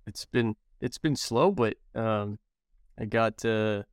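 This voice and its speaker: A man who coaches and co-hosts chats casually, pausing often on ums and uhs. His voice is clear and smooth. It is recorded dry, with no room echo. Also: fairly low pitch. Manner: hesitant, many ums and uhs. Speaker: coach and podcast co-host. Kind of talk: casual chat.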